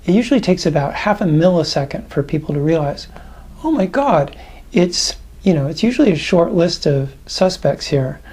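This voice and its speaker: A man, a tapping practitioner and coach, giving conversational, reflective advice to the camera with thoughtful pauses. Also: on the high side, a little mellow, breathy edge.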